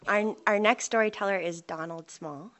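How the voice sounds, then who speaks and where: A woman hosting a storytelling event and introducing the next speaker in a measured way. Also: medium pitch, noisy background. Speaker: event host.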